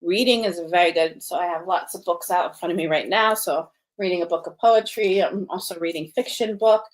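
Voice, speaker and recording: Gentle woman teaching children. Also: lowish voice, a little fast. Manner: gentle, asks many questions. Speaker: craft teacher. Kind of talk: kids' lesson talk. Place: home, with books and knitting at hand.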